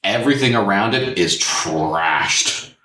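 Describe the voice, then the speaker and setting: A man's voice: deep voice, expressive, slow, bright, forceful tone. A man hosting a podcast, telling stories casually with plenty of swearing. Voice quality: swears freely, laid-back storytelling. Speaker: podcast host. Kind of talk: casual chat. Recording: echoey room, distant mic.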